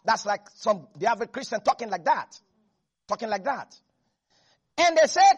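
A man preaching a sermon, his voice pitched high and slightly husky. He is animated, acting out the people in the story as he goes and breaking into laughter often. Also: moderate pace. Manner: animated, acts out biblical figures, laughs often.

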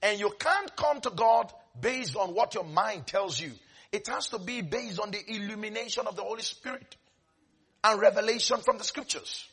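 A man preaching a sermon dramatically, swinging between quiet asides and sudden shouts with laughter. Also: high-pitched, animated, normal speed, husky.

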